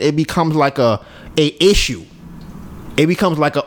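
A man's voice: mid-range voice, expressive, moderate pace, long pauses. A man hosting a podcast in casual chat, ranting and sarcastic, often repeating himself. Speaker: podcast host.

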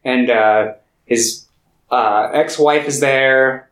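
A young man co-hosting a podcast, casually talking through a film's ending with many pauses and restarts. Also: mid-range voice, fairly bright tone, echoey room, rough recording. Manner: hesitant, many fillers and restarts. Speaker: podcast co-host. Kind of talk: casual film discussion.

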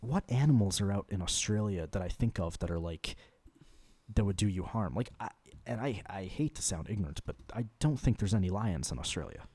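Young male co-host, low and dry, loose rambling talker with a joking edge. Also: expressive, fairly quick, darkish tone, slightly rough, dry recording. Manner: rambling, swears freely, jokey. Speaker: podcast co-host. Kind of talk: casual chat.

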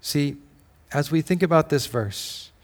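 A man with a fairly high, expressive voice preaches at a measured pace in a church, with the sound echoing through the hall. As pastor, he keeps it casual and conversational, weaving in stories and acting out lines of dialogue.

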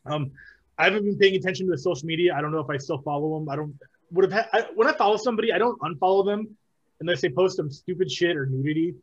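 A man's voice: high-pitched, racing, muffled recording. A man talking casually about fight picks, rambling with many ums, restarts and laughs. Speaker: podcast co-host, called Director. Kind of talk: casual MMA picks chat.

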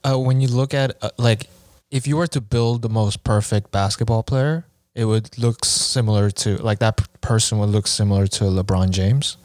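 A man in casual chat, hesitant and thinking aloud with plenty of "uh" and "um". His voice is somewhat low, and the sound is close and dry. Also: normal speed, hardly any pauses, a little mellow, no room sound. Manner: hesitant, with "uh" and "um" fillers.

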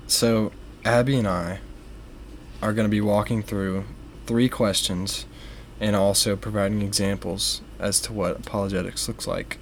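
A young man with a fairly low voice co-hosts a casual faith podcast. He explains things slowly and carefully and leans on frequent ums. A faint hiss sits behind the voice. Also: level tone. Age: young adult. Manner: measured, with many fillers. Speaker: podcast co-host.

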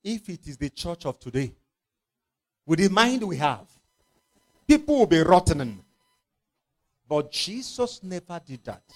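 A man's voice: high-pitched, very animated, unhurried, pauses often. A male preacher, giving an impassioned sermon and acting out the scripture scenes in voices.

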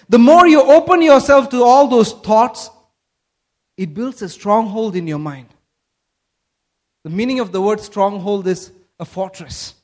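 A man from Kerala, India, preaching a sermon and asking the congregation questions. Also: high-pitched. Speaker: pastor.

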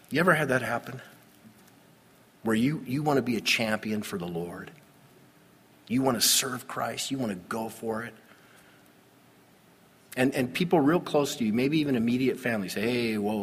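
A man with a slightly husky voice preaches a sermon, swinging between calm explanation and sudden loud, forceful emphasis. His voice rings out with a long reverb, as in a large hall. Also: mid-range voice. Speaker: pastor.

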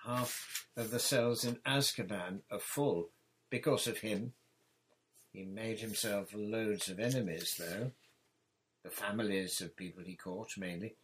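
A man voicing an easygoing young adult male wizard explaining things in a relaxed way. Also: on the low side, a little slow, a little hiss or hum.

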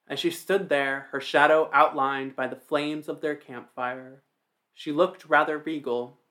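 A man narrating a fantasy story in a steady, even reading. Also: a little high, measured pace.

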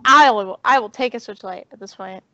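A woman's voice: medium pitch, a little fast, sharp tone, no room sound, muffled recording. A woman co-hosting a podcast in casual chat, playful and rambling. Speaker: podcast co-host.

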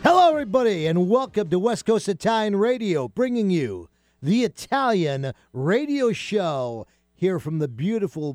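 A man hosting a casual radio talk show, chatty and animated, with many fillers and restarts. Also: on the high side, no room sound, studio quality.

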